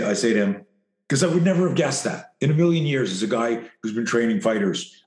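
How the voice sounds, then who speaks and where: A man who coaches fighters and teaches self-defense, telling an animated, profane story in an interview and acting out the dialogue. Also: medium pitch, roomy sound.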